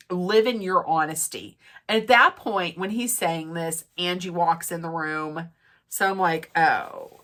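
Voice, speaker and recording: A woman with a somewhat low voice talks through a reality show episode in a relaxed, chatty way. She backtracks often, fills gaps with ums, and restarts her sentences as she goes. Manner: chatty, frequent fillers and restarts. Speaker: recap host. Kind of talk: casual episode recap.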